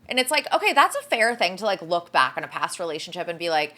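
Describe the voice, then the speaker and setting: A woman co-hosting a casual pop-culture gossip podcast, animated and blunt, peppering her talk with "like" and the odd swear word. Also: on the low side, fast. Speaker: podcast co-host.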